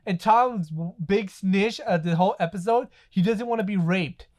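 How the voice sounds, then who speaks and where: A woman co-hosting a podcast tells stories animatedly and laughs often in casual chat, her voice medium-pitched and at a normal speed.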